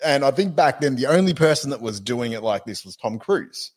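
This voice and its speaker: A man's voice: medium pitch, animated, fairly quick, breathy edge. Easygoing man in podcast banter. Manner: laughs easily, loose and chatty. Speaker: podcast co-host. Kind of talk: casual podcast chat.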